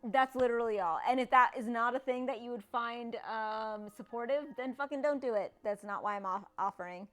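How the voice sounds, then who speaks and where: A woman's voice: a little high, fairly quick, hardly any pauses, soft background music. A woman streamer chatting with her viewers, rambling and playful, with casual swearing. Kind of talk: live stream chat with viewers.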